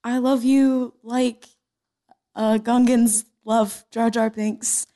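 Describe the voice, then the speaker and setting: A woman's voice: on the high side, level tone, warm tone. A woman voicing a shy, nervous young man who stammers and hesitates. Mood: timid. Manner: halting, stammering, timid.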